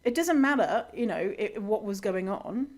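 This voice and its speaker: A woman's voice: medium pitch, animated, moderate pace. Sarcastic woman podcaster. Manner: sarcastic, reads quotes aloud and rebuts them; frequent fillers and restarts, laughs often. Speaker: podcast host. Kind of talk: solo commentary podcast.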